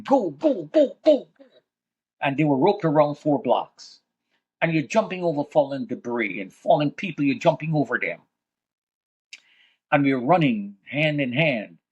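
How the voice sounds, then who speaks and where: Husky-voiced man telling a dramatic story. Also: medium pitch, lo-fi sound. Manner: vivid, dramatic retelling that swings between hushed and loud; speaks with religious conviction. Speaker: survivor recounting his experience as a guest. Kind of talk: emotional first-person storytelling.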